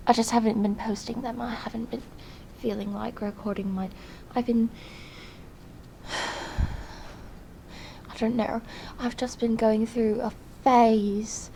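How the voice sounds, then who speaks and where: A young woman playing an earnest, lonely diarist in a video diary, speaking hesitantly and softly, often slipping into whispers. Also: a little high, level tone, slow pace, vocal fry, long pauses, a little hiss or hum, low-quality recording. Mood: confiding. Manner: hesitant and soft-spoken, drifting into whispers. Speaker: diary vlogger character. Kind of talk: in-character diary vlog.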